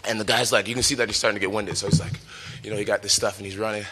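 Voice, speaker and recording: Bright-voiced young man telling a story. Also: lowish voice, very fast, slightly rough. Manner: lively, laughs often, acts out quotes. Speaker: professional fighter. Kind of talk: animated storytelling.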